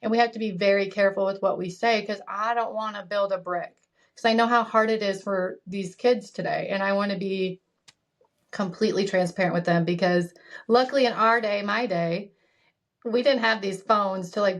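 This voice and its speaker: A woman in her thirties talking through parenting worries in a casual advice chat. Her delivery is reflective and loose, with many "like" fillers, and her pitch sits in a middle range. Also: fairly even intonation, normal speed. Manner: conversational, full of "like" fillers, reflective. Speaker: podcast co-host, parent.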